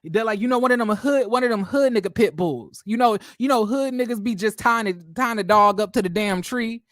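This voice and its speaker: A man hosting a gossip commentary channel, talking in a brash, profane, theatrical way with drawn-out exclamations. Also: high-pitched, a bit bright, no echo, studio quality.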